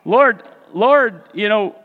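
Animated preacher man in a reverberant hall. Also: high-pitched, slow. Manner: playful, animated, talks to the congregation. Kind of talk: sermon with humorous storytelling. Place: church sanctuary. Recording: distant hall echo, dull sound.

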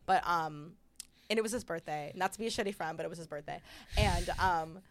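A woman comedian on a podcast, spinning stories with a giggly, animated delivery. Her voice sits a little low, and she talks in quick bursts of chat. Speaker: comedian guest.

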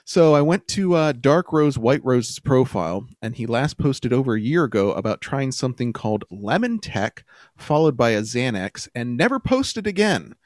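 A man's voice: medium pitch, very animated, moderate pace, darkish tone, dry recording. A man co-hosting a podcast, chatting casually and reading online posts aloud with a laid-back, chuckling manner. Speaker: podcast co-host.

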